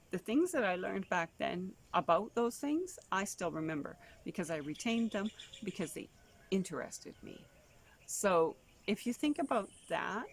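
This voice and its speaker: A woman, a homeschooling mother, telling stories in a rambling casual way with lots of asides. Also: a little hiss or hum. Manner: chatty, rambling, full of "you know" asides; acts out quoted voices with big pitch jumps. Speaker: homeschooling mother and travel vlogger. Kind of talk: casual storytelling monologue.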